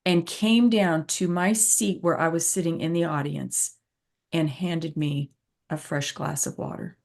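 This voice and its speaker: A woman's voice: low voice, fairly even intonation, measured pace, gravelly, darkish tone. A woman patient advocate and host telling a personal story in an earnest, reflective way with emphatic repetitions. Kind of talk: conversational storytelling.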